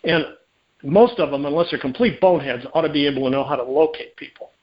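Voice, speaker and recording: Male guest, private investigator type, raised pitch, chatty storyteller, muffled lo-fi sound. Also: fast talker. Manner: animated, acts out quoted dialogue, many restarts. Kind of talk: conversational storytelling interview. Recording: dull lo-fi audio.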